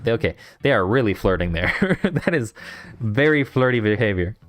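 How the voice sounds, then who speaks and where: A man streaming a game, chatting and reacting out loud while he plays. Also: fairly low pitch, animated, normal speed, no echo. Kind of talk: gameplay commentary. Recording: faint guitar music behind.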